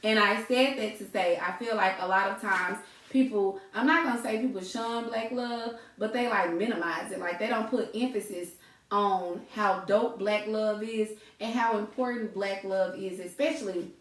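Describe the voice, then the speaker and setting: Animated woman podcast host, echoey. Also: mid-range voice, moderate pace. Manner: animated, laughs often, addresses listeners as y'all. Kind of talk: casual storytelling chat. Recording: echoey room, distant mic.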